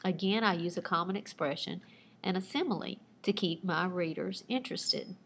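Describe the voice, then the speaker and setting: A woman teacher with a somewhat low voice reads her own personal story with animated, storytelling expression. Between passages she shifts into plain explanation, pointing students to the similes, dialogue and onomatopoeia she used. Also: moderate pace, slight background noise. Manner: expressive storytelling with asides pointing out figurative language. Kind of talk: reading aloud a personal narrative and explaining writing techniques.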